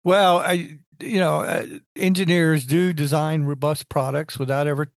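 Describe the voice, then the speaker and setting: A man's voice: fairly high pitch, flat delivery, measured pace, no echo. Man with a dry close voice. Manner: rambling, restarts sentences, engineering talk. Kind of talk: casual technical chat.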